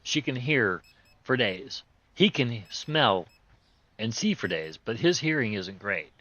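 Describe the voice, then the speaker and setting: A man with a hoarse voice that is still recovering, hosting a video game playthrough with rambling, joking casual commentary in folksy, loose grammar. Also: medium pitch, very animated, takes it slowly, pushed and bright, highs cut off. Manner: joking, rambling, chuckles often. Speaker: host playing a video game.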